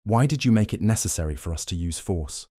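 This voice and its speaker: Man voicing a cool, measured government doctor. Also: low-pitched, expressive, dark tone, no echo, studio quality. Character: calm detached male government doctor.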